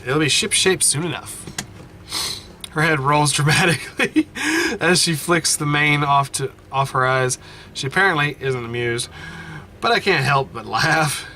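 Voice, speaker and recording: Bright-voiced man reading a game aloud. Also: a little high, normal speed, slight background noise. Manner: animated, laughs often, self-correcting. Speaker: gamer playing a story game. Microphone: desk mic, wearing headphones.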